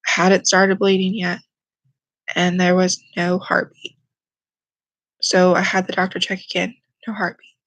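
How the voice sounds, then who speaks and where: Woman holding back tears, flat voice. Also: on the low side, no echo, poor audio. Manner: quiet, halting, emotional, holding back tears. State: close to tears. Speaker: vlogger. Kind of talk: personal storytelling to camera.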